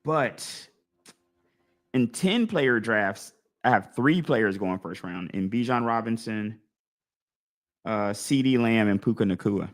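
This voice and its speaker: Animated man thinking out loud. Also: on the low side, slow pace. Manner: animated, talks through his choices out loud, acts out imagined crowd voices. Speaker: fantasy football league podcast host. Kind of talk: casual live-stream chat.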